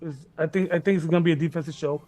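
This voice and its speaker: A man's voice: on the high side, steady tone, very fast, dark tone. A man hosting a casual sports betting chat, rambling, repeating himself, laughing and swearing often. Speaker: sports betting podcast host.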